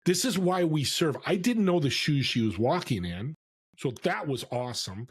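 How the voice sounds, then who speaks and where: A man telling stories as a podcast guest, lively and acting out the voices of people he quotes. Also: on the high side, normal speed, breathy edge. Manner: animated storyteller, acts out quoted voices. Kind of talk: storytelling interview. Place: California.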